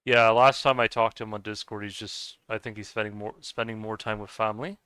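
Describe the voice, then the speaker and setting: Man with a Scottish-sounding accent, crisp. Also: fairly low pitch, flat delivery, fairly quick, pushed and bright, no room sound. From United States. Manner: rambling, answers chat questions. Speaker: game streamer. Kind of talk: casual livestream chat.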